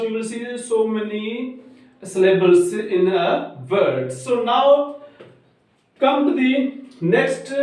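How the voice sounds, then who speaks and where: A male teacher gives a grammar lecture slowly, repeating each point as he goes. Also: extremely high pitch, darkish tone. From Pakistan. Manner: slow, repetitive, restates each point. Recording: very echoey room, voice far from mic.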